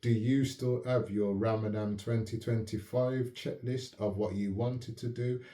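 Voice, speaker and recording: A man hosting his own channel, talking in a calm, measured, reflective way and often asking if the listener follows. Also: on the low side. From United Kingdom. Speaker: channel host. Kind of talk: reflective casual talk to camera. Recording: roomy echo.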